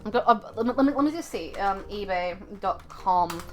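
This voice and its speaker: A woman's voice: mid-range voice, animated, normal speed, a little hiss or hum. A woman from Australia, chatting casually on a live stream, rambling with lots of fillers and frequent swearing.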